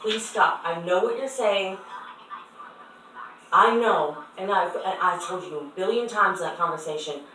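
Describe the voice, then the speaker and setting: A woman's voice: on the low side, measured pace, pushed and bright. A young woman arguing with her mother on the phone, pleading and tearful as she tries to explain herself. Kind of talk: emotional phone argument. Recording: echoey room, voice from far off, faint noise.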